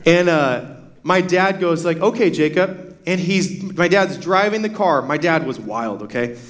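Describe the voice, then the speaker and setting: A man's voice: on the high side, expressive, measured pace, fairly bright tone. A young adult man, a pastor, preaching a sermon in a casual storytelling way, full of "like" fillers and restarts.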